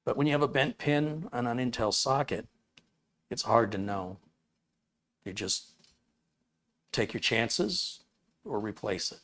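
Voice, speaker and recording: A man's voice: mid-range voice, lively intonation, a little slow, long pauses, fairly bright tone. A man hosting a live tech stream, answering viewer questions in a folksy, chatty way with small chuckles. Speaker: tech livestream host.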